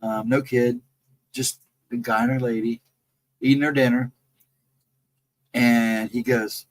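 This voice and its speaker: A man's voice: medium pitch, level tone, takes it slowly, long pauses, rough recording. A man casually recounting his own ghost encounters in a rambling, self-correcting way. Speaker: guest storyteller.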